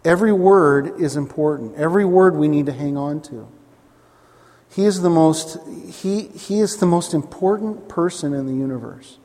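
A man's voice: fairly high pitch, moderate pace, a little mellow, in a large hall. A man preaching a sermon, emphatic, repeating key phrases and asking his listeners questions.

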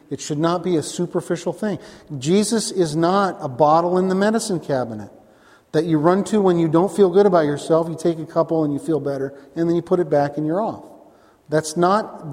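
A man's voice: fairly high pitch, darkish tone, big-room sound. A man preaching a sermon as pastor, emphatic and repetitive, rising into bursts of emphasis.

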